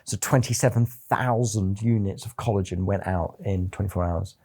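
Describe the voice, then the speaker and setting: Low mellow-voiced businessman telling stories. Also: moderate pace. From England. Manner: chatty anecdotal storyteller, acts out quoted voices. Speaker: company founder and CEO. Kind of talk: interview storytelling.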